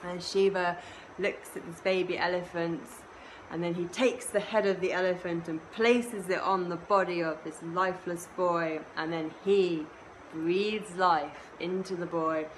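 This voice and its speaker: Slow, expressive woman storyteller. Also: on the low side, slight background noise, rough recording. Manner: unhurried and expressive, with soft laughs and asides. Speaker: kirtan and voice teacher. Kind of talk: storytelling a myth.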